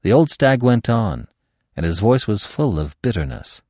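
Male storyteller, deep and unhurried, dramatic swings in pitch; dry studio sound. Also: no room sound. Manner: expressive, dramatic reading. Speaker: narrator. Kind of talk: audiobook storytelling.

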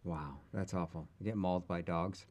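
A man's voice: low voice, normal speed, darkish tone. A man co-hosting a casual chat podcast, sarcastic and ranting, with stammering restarts. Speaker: podcast co-host.

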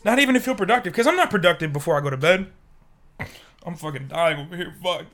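A man's voice: high voice, expressive, fast, fairly bright tone. A sick young man co-hosting a podcast, rambling in casual, profane chat and laughing often. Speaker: podcast co-host.

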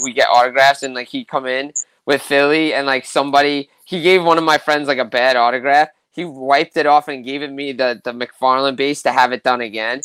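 A man's voice: mid-range voice, a bit bright, clear, resonant tone, no room sound, rough recording. A man co-hosting a hockey talk show, chatting eagerly as a fan and saying "like" a lot. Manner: enthusiastic fan, heavy use of "like". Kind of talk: casual sports chat.

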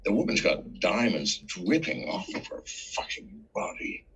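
A man tells stories in a casual interview with a deep, gravelly, raspy voice. His delivery swoops up and down with lively energy and a bright, forceful edge. He swears freely as he talks. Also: measured pace, poor audio. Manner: profane, animated storyteller. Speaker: interview guest. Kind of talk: casual storytelling.

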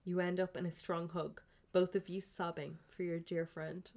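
A woman's voice: lowish voice, little pitch movement, moderate pace, creaky, darkish tone. A woman podcast host giving a comic reading of fan fiction, narrating the scenes between bursts of laughter. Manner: reads narration, breaks into laughter.

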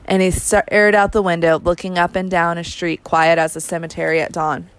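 A woman reading a first-person novel aloud in an even, unhurried storytelling manner, recorded close to the mic. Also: on the low side, clean tone. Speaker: audiobook reader.

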